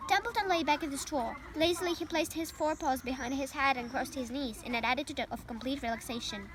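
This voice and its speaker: A woman's voice: high voice, fast talker, noisy background. A young woman from Ukraine, a native Ukrainian speaker, carefully reading a children's novel aloud in English with small slips. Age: young adult. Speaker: reader.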